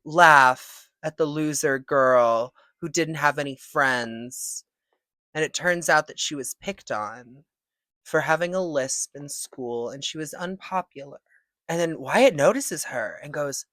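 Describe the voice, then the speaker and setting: A young woman casually recapping a movie, animated and profane, often laughing. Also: low voice, unhurried, dry recording. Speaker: movie reviewer.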